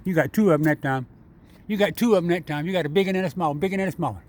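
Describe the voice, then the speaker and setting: A man chatting and coaxing a squirrel in his front yard, repeating himself in a relaxed, chuckling way. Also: a little high, very fast. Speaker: vlogger feeding a squirrel. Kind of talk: casual talk to an animal.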